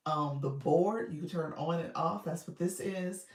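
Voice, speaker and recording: A woman's voice: lowish voice, moderate pace, roomy sound, distant mic. A woman coaching viewers on a casual livestream, chatty and speaking straight to them as she reads out their comments. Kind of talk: casual live-stream coaching.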